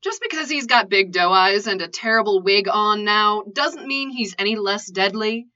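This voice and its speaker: Woman as wry teasing sister, bright and lively, dull lo-fi sound. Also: mid-range voice, moderate pace, close to an everyday voice. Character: sharp, teasing older sister. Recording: lo-fi dull recording.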